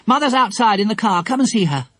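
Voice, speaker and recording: A man doing an excitable young girl. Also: high-pitched, fast, no echo, pitched above the performer's own voice. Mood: eager. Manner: eager, pleading. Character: excitable girl, bold and squeamish.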